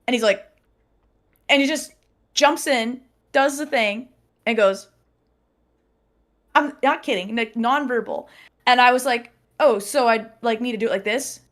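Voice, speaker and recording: Animated, laughing woman telling a story. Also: a little high, a little slow, pauses often. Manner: animated, laughs often, acts out quotes. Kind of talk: casual storytelling chat.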